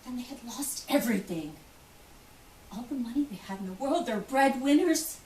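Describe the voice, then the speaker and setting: A woman's voice: on the high side, lively intonation, normal speed, a little mellow, natural voice. An actress giving a theatrical first-person monologue as an outspoken, wealthy woman who survived the Titanic, telling the story vividly and acting out the voices of others. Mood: brisk. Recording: roomy, distant, faint hiss.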